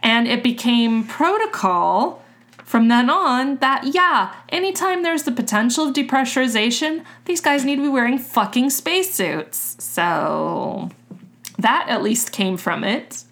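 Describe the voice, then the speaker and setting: A woman hosting a podcast, recounting a story in a relaxed, chatty way and swearing casually. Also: on the high side, unhurried. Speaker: podcast host.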